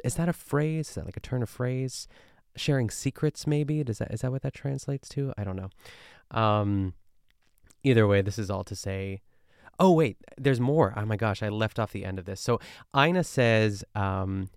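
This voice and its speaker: A man hosts a solo podcast in a rambling, chatty way, often stopping to question himself. His voice sits low and carries a gravelly fry. The sound is dry and close, with no room around it. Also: normal speed, no echo. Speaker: podcast host. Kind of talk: casual solo recap chat.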